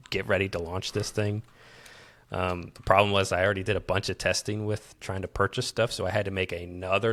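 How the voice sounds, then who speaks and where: A man's voice: low voice, a bit bright, no room sound. A man with a Midwestern accent, co-hosting a casual tech podcast and explaining his project at a rambling pace with frequent restarts. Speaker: podcast co-host and developer.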